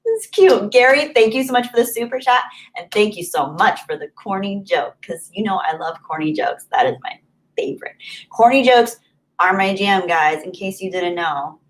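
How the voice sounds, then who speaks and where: A woman's voice: medium pitch, expressive, moderate pace, rough recording. Giggly, chatty woman live-streaming. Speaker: live streamer reading viewer donations. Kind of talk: casual live-stream chat.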